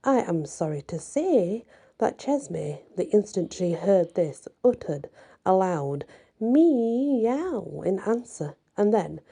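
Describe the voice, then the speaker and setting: A woman reads a fairy tale aloud in a slow, measured way. Her voice is very dark and mellow, and her telling is expressive. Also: medium pitch, vocal fry. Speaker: storyteller.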